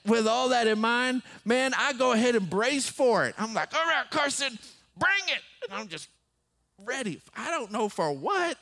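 A man in his forties, a pastor preaching a sermon, telling a story and rising to emphatic high peaks. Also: fairly bright tone.

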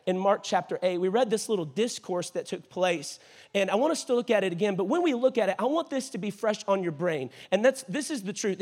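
High-voiced, animated preaching man. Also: fairly quick. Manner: animated, jokey preaching with playful voices for scripture characters. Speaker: pastor. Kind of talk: sermon. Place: church auditorium.

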